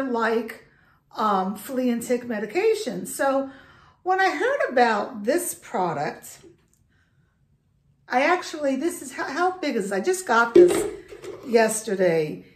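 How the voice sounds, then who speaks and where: A woman hosting a dog food vlog who vents in an emotional, upset way while holding her dog. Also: fairly high pitch. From Italian heritage. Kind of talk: casual vlog talk to camera. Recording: echoey room.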